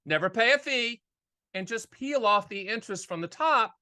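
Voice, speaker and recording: A middle-aged man who hosts a casual, straight-talking show about annuities, talking in an energetic, folksy way and repeating his key phrases. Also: high voice, moderate pace. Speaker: annuity agent and show host. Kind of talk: casual straight-talk explainer.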